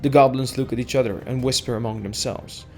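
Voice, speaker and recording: A man reads an AI text adventure aloud as its player, narrating in a steady second-person voice. His pitch sits in a middle range. Faint music plays in the background. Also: a little fast.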